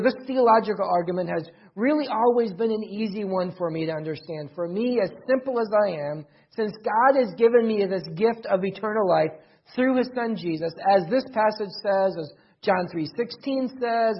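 A man preaching as pastor, his voice a little husky and breathy. He drives points home by repeating key phrases with emphasis. The recording is dull and lo-fi. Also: sits high. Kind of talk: sermon.

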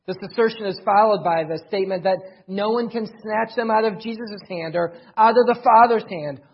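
A man preaching as pastor, his voice a little husky and breathy. He drives points home by repeating key phrases with emphasis. The recording is dull and lo-fi. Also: sits high, moderate pace. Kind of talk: sermon.

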